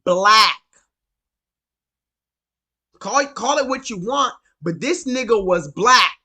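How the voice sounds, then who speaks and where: Profane ranting man with a bright voice. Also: sits high, lively intonation, slow, husky. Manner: emphatic, profane, repetitive storytelling. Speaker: live-stream host. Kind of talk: profane rant on a live call-in stream.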